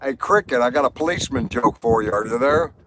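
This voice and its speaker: A man with a mid-pitched, everyday voice hosts a live stream. He rambles through personal stories and jokes, talks casually to the viewers, and laughs at his own punchlines. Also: expressive, fast, noisy background. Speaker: livestream host. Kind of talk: casual joke-telling livestream.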